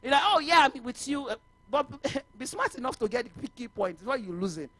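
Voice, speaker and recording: A woman with a Nigerian accent giving a talk to realtors at a conference, lively and mixing in Yoruba phrases. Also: high-pitched, a little fast. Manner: animated, mixes Yoruba and English, laughs often. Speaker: conference speaker. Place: conference hall.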